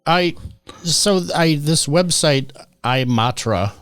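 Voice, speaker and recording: Male podcast host, casual rambler, expressive pitch, dead-dry studio sound. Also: takes it slowly, smooth, dry recording. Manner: rambling, animated, playful sound effects. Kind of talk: casual chat.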